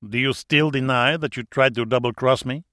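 A man's voice: mid-range voice, steady tone, normal speed, a bit bright, no echo, studio quality, natural voice. A man voicing a cold, contemptuous French crime boss with a French accent and a sneering, mocking manner.

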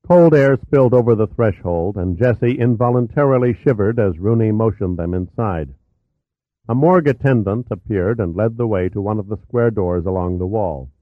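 Low-voiced man narrating over tinny audio. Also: normal speed, no room sound. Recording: tinny narrow-band audio.

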